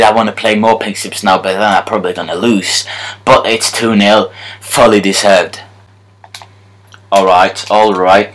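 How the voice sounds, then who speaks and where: A young man commentating his own football video game match live, excitable, moving between muttered asides and shouting at the game. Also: lowish voice, unhurried, faint music behind.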